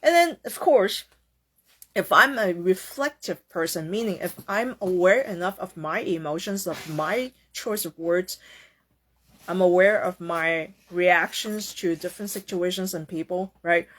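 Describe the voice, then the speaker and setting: A woman hosting a casual self-help talk, often ending her points with "okay?" or "right?" and acting out quoted reactions in a higher voice. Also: measured pace, a bit bright. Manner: tags sentences with "okay?" and "right?". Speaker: host.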